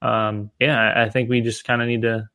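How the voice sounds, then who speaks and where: A man's voice: mid-range voice, little pitch movement, normal speed, pushed and bright, dry recording. Chatty man, dry close sound. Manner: rambling, many restarts and fillers. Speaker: podcast co-host. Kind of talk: casual fantasy football discussion.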